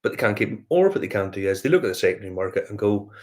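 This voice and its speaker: Northern Irish man, lowish voice, casual rambling host chat with lots of ums. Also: big pitch swings, rapid-fire, hardly any pauses. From Northern Ireland. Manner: rambling anecdotal storytelling with many fillers and restarts. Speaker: whiskey review host.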